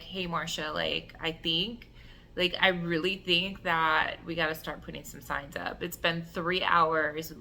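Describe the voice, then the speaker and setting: A woman telling an emotional personal story in an animated way, acting out the voices and filling her talk with "like". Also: mid-range voice. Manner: animated, acts out voices and cries, many "like" fillers. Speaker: self-love coach telling a personal story.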